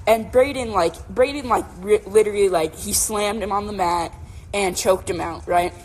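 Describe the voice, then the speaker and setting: A young woman co-hosts a casual podcast in a mid-pitched voice, telling a story in an animated, rambling way. She keeps checking in with "right?" and packs her talk with "like", and a faint hum sits behind her. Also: moderate pace. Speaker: podcast co-host.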